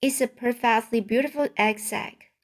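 A woman's voice: a little high, normal speed, pitched above the performer's own voice, close to an everyday voice. A woman voicing an innocent young male pig who asks earnest, wondering questions in a storybook reading.

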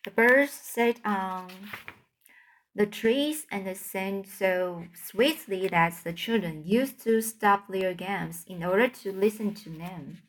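A woman reading a fairy tale aloud, halting over hard words and correcting her slips. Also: medium pitch. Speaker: audiobook reader.

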